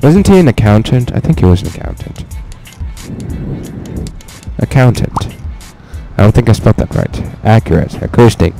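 A young man giving profane, excitable let's play commentary, talking to himself as he plays. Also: on the low side, normal speed, creaky, long pauses, over music. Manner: profane, excitable, talks to himself while playing.

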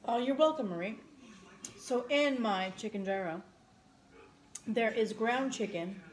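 A woman's voice: fairly high pitch, unhurried. A young woman co-hosting a casual live stream. She talks about her food with lots of "like" and thanks viewers by name. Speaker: co-host girlfriend. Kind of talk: casual live chat eating on camera.

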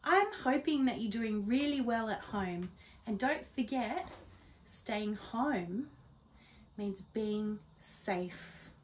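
A woman, a teacher, reading a rhyming picture book aloud to children at home in a gentle, expressive way. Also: on the high side, slow pace, slight background noise. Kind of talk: read-aloud storytelling for children.

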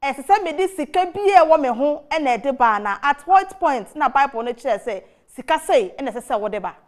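A woman's voice: high-pitched, animated, moderate pace. A Ghanaian woman hosting a TV talk show, asking questions with frequent hesitant fillers. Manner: mixes Twi and English, many fillers while asking. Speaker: TV host.

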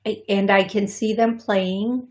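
A woman's voice: mid-range voice, fairly even intonation, takes it slowly, darkish tone. A woman hosting a call-in radio show as a psychic medium, talking in a rambling, self-deprecating way and laughing often. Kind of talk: casual radio call-in talk. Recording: radio studio broadcast.

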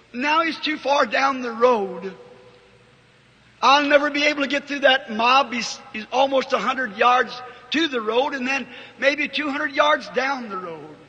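A preacher voicing a pleading old blind beggar. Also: male voice, extremely high pitch, a little slow, pushed and bright, highs cut off, full character voice. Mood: anxious. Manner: humble, courteous pleading. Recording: reverberant old hall recording.

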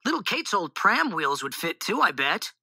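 A woman's voice: fairly low pitch, big pitch swings, moderate pace, pushed and bright, breathy edge, no room sound, clean studio sound, heavily acted. A woman voicing an eager, inventive young boy who blurts out ideas in a storybook.

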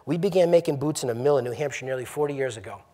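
A man's voice: mid-range voice, very fast, dark tone. A middle-aged man, a company CEO, giving an emphatic, conversational address to a college audience and often asking the room questions. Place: lecture hall.

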